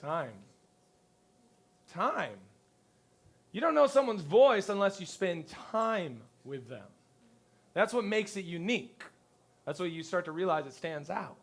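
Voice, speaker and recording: A male pastor giving a conversational sermon to his congregation, telling lively stories and acting out the people he quotes. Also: high-pitched, unhurried, gravelly, long pauses, husky. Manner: lively storyteller who acts out quotes. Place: church service before a congregation.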